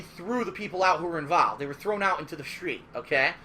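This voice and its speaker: A man casually telling a story from his past as a gaming streamer, animated, emphatic and full of swearing. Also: a little high, fast, hardly any pauses. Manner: animated, profane, emphatic retelling.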